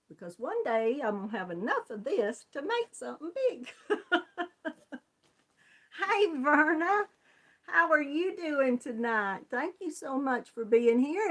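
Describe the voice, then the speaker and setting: Woman, Southern US accent, unhurried speech, slightly high voice, live chat host, friendly greetings. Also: animated, a bit bright. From Georgia, US. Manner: chatty, greets viewers by name, laughs often. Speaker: crochet channel host. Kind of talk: casual live-stream chat.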